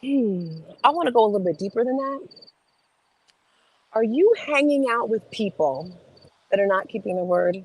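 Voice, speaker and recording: A woman's voice: a little high, expressive, normal speed, pauses often, darkish tone, rough recording. A middle-aged woman hosting a live motivational talk outdoors, speaking energetically and emphatically straight to her viewers. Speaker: motivational host. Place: outdoors in morning sun.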